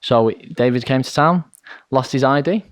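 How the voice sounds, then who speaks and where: A man co-hosting a podcast in casual chat, delivering jokes deadpan. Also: medium pitch, normal speed. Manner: deadpan joker. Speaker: podcast co-host.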